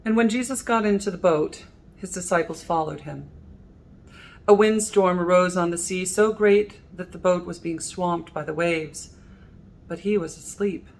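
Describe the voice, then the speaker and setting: Woman, priest, sermon, reflective, gentle, gravelly, slightly low. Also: normal speed, a little hiss or hum. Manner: gentle, reflective preaching with soft quoted lines. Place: cathedral.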